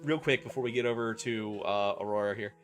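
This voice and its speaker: Lowish-voiced streamer dude on a headset, swearing casually, thanking chat. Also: male voice, brisk, faint music behind. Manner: loose and profane, thanks viewers, talks with a guest on a call. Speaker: streamer host.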